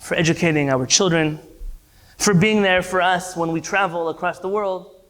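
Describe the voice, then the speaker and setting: A man's voice: sits high, pushed and bright. A male rabbi giving an evening class, earnest and impassioned, building emphasis through repetition.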